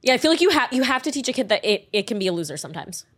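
A woman with a fairly high voice chats as a podcast co-host. She is candid and frank and swears often. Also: very animated, rapid-fire, a bit bright, slightly rough. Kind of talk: casual chat.

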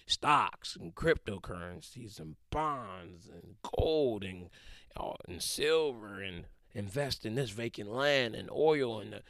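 A man in his twenties giving a casual motivational talk, slangy and animated, acting out quick quoted voices. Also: lowish voice, dry recording, studio quality. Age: 20s.

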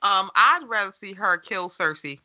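A young woman on a podcast, playful and teasing in an animated way. Her voice is very bright, dry and close. The sound is dull and lo-fi. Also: mid-range voice, moderate pace, dry recording. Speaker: podcast guest. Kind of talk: casual chat.

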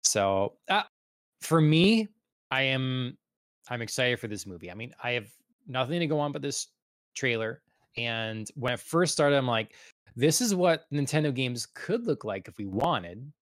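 A man's voice: mid-range voice, unhurried, no echo. Easygoing man chatting on a dry mic. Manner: relaxed, rambling, easygoing with frequent fillers. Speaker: podcast co-host. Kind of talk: casual chat.

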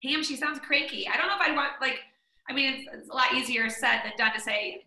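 Bright, high, enthusiastic woman host. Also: brisk, gravelly, reverberant, rough recording. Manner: enthusiastic, effusive. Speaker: podcast host reading listener questions. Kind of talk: casual podcast chat.

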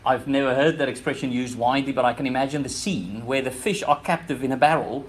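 A man's voice: mid-range voice, quick pace. A man with a South African accent preaching a sermon in church, earnest, often repeating words and restarting phrases as he presses his points. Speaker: pastor.

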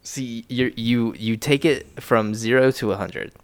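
A man co-hosting a casual podcast, tipsy, rambling and laughing, his voice jumping high when excited. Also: measured pace, clean tone, no echo. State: intoxicated. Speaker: podcast co-host.

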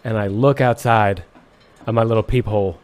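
A young man, a musician, on a podcast, chatting casually in a deadpan, mock-serious joking way. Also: lowish voice, normal speed. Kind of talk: casual comedic chat.

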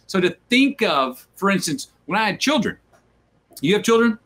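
A man's voice: high voice, lively intonation, fairly quick, fairly bright tone. A man with a drawl talks through his stories in a loose, reflective way as an interview guest. He repeats words as he thinks and acts out the voices of the people he quotes. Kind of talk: reflective conversational storytelling.

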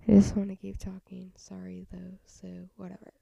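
On her solo podcast, a young American woman rambles frankly through her thoughts, tired and half-whispering, with little sighs and laughs. Her medium-pitched voice is monotone, gravelly, mellow and slightly rough, at a moderate pace with no echo.

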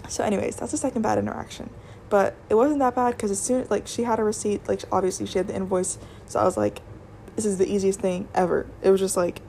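A woman's voice: medium pitch, gravelly, darkish tone, slight background noise. A young woman chatting casually through a storytime vlog about her retail job, rambling with lots of "like" and restarts. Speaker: retail worker telling work stories.

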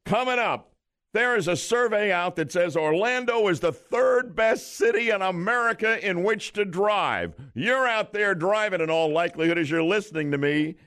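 A man's voice: high voice, normal speed. A male morning radio host running a call-in quiz game with jokey banter. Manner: jokey, lively delivery.

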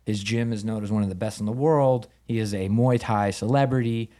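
Animated man telling a wild story. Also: on the low side, brisk. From United States. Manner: animated, acts out quoted dialogue, swears casually. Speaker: podcast guest, Muay Thai fighter. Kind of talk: casual storytelling in conversation.

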